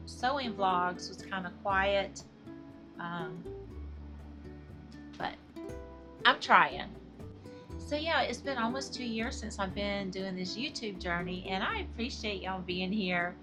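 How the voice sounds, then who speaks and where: A woman's voice: mid-range voice, a little slow, music in the background. A middle-aged woman with a Southern American accent, chatting casually and rambling to her viewers in a crochet vlog, laughing often. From Southern United States. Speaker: crochet vlogger.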